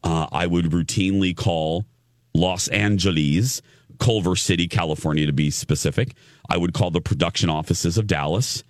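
A man's voice: sits low, moderate pace, dry recording, clean studio sound. A middle-aged man from Indiana hosting a radio show, telling a story in casual chat with stammered restarts and laughter at himself.

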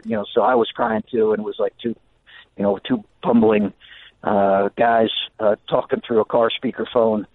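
A man phones in as a coach on a radio show. His voice is at an ordinary middle pitch and sounds tinny and narrow through the phone line. He answers earnestly, hesitating with fillers and restarting his sentences as he thinks aloud. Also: steady tone, moderate pace, no echo. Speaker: basketball coach, guest.

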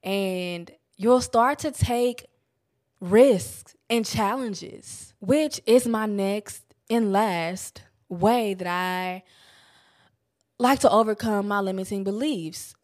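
A woman's voice: medium pitch, slow pace. Candid young woman's casual self-help talk. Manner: candid, animated, swears casually. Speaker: vlogger.

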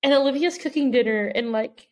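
A woman's voice: high voice, a little fast, a little mellow. A young woman co-hosting a podcast in casual chat over a video call, telling stories and acting out what others said. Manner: storytelling, acts out quotes. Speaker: podcast co-host.

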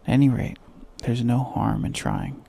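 A man's voice: mid-range voice, fairly even intonation, moderate pace, warm tone, a little hiss or hum. Alice, a man reading a chatty little girl. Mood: musing. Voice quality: creaky, husky. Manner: eager, chatty, earnest. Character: curious polite little girl. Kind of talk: reading a storybook aloud.

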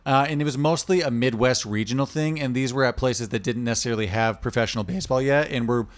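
Quick-talking podcast dude dropping movie facts, casual chat. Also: male voice, medium pitch. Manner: informative, shares trivia and facts. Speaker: podcast co-host.

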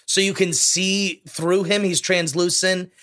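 A man with a high, bright, sharp voice chats casually as a podcast co-host. He gushes and gets openly emotional, piling on feeling. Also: little pitch movement, unhurried. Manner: effusive, emotional, gushing. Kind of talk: casual movie discussion.

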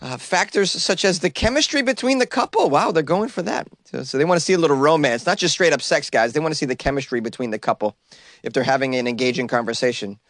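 A man hosts a comedic news podcast from a small closet, riffing on stories and laughing at his own jokes. His voice is fairly high and fairly bright, with lively intonation and a fast pace. The sound is clean studio quality with no echo.

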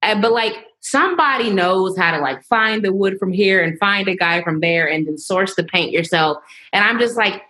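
A woman's voice: mid-range voice, moderate pace, sharp tone. A woman writer, a guest in casual chat, who laughs often as she talks. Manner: laughs often while talking.

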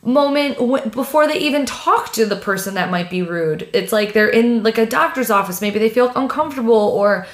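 A woman co-hosting a podcast in casual chat, chatty and quick to react with enthusiasm. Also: on the high side, lively intonation, reverberant. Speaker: podcast co-host.

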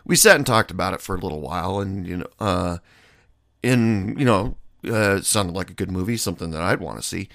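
A man's voice: low voice, a little fast, vocal fry, a bit bright, no room sound, clean studio sound. A man telling a rambling anecdote in a casual monologue, blunt and swearing freely.

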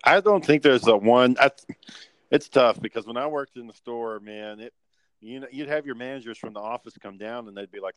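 A man in mid pitch, talking loosely and with a lot of swearing as he tells sardonic work stories. He acts out bosses and customers in quick bursts. The sound is dry and close, with little room around it. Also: dry recording, low-quality recording. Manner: profane, sardonic storyteller acting out bosses and customers. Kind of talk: casual chat, swapping work stories.

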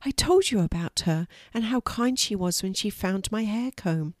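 A woman voicing a caring young mermaid sister who speaks gently and soothingly. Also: medium pitch, expressive, normal speed, no room sound, studio quality, lightly acted.

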